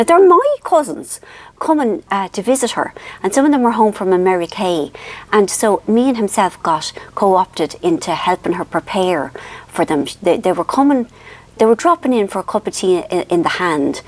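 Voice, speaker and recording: A woman in her fifties with an Irish accent, telling a rambling, self-mocking family story for her vlog, full of ums. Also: fairly low pitch. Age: 50s. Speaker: author and vlogger.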